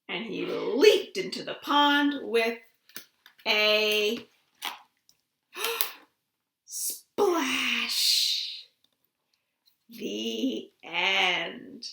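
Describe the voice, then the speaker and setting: Slow, expressive woman reading stories. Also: a little high, creaky. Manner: gentle, expressive, slow read-aloud with gasps. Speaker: children's librarian. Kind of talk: children's storytime reading. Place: home. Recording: roomy home room recording.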